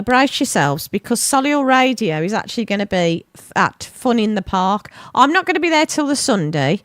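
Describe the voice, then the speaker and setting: Speaking into a studio mic at the radio station, a woman with a voice on the high side hosts a local show in a chatty, meandering style, breaking in on herself with side remarks. There's no echo.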